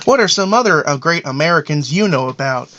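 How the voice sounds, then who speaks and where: A man's voice: a little high, a bit bright, slight background noise. A man doing Dale Gribble, rambling paranoid dad. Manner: rambling, self-important monologue. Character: paranoid, boastful middle-aged cartoon dad. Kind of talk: comedic character monologue. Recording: dull lo-fi audio.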